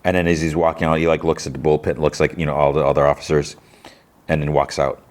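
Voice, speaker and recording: A deep-voiced man hosts a podcast and recaps a TV episode. He rambles casually and fills his retelling with "like" and "uh". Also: level tone, fast talker. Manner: rambling, filler-heavy retelling. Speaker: podcast host.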